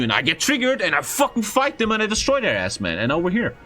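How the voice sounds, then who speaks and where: A young man, a streamer, telling a story in casual, profane, expressive chat. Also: high-pitched, quick pace, few pauses, faint music behind. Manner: profane, expressive, frequent swearing.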